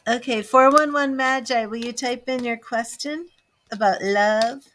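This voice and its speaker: This tarot reader and psychic is a woman with a fairly bright voice on the high side, recorded with a little hiss or hum. Chatting slowly and emotionally, she calls viewers by name, reads their questions, and turns cards during her live readings.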